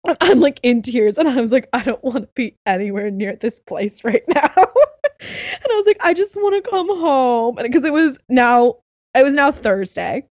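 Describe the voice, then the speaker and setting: Young woman rattling off a story, pitch bouncing all over, dry kinda dull sound. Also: normal speed, no room sound. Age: young adult. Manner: animated storytelling, laughing, acting out others' lines. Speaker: storyteller in a chat. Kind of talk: casual chat.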